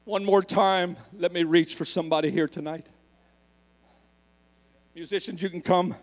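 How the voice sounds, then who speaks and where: High-voiced preacher in a reverberant church. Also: male voice, fairly even intonation, moderate pace. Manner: swings from hushed storytelling to impassioned shouting. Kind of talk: sermon.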